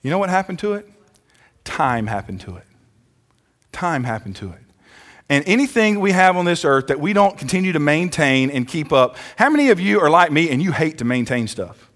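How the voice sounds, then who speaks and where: Male pastor, sermon in church, high voice, asks the crowd for amens. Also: animated, fairly bright tone. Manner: calls out for amens, slows down for emphasis.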